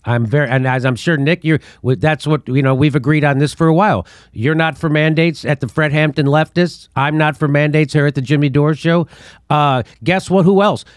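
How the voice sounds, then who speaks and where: A man's voice: fairly high pitch, brisk, dry recording, clean studio sound. Scornful middle-aged male commentary host. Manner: animated, scornful, laughs between points. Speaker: show host. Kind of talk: political commentary.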